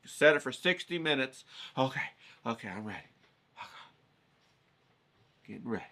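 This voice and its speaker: A man telling a casual, rambling story, animated and acting out the voices of the people in it. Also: medium pitch, moderate pace, long pauses. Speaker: painting vlogger.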